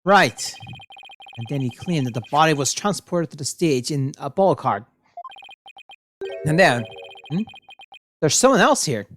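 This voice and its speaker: A woman's voice: low-pitched, big pitch swings, measured pace, long pauses, soft background music. Woman streamer reading game lines aloud. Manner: voices every character, laughs at her own strained voice.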